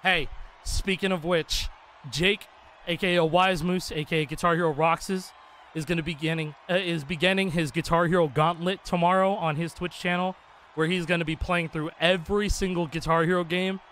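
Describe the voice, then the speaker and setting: High-voiced man streaming a rhythm game. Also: fairly even intonation, normal speed, slight background noise. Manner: rambling, loose and profane, full of "like" fillers. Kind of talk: casual live-stream chat. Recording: game music playing loudly behind.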